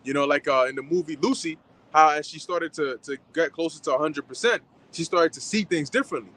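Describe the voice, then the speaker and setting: A man at a church gathering adding his thoughts, halting and full of fillers and restarts. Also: fairly high pitch, fairly bright tone, low-quality recording. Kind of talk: informal sermon remarks.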